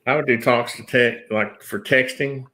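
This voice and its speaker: A man's voice: mid-range voice, fairly even intonation, moderate pace, pushed and bright. A man from Tennessee with a Southern accent, chatting casually on a livestream and telling stories with easy laughter. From Tennessee, USA. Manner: chatty storyteller, laughs easily.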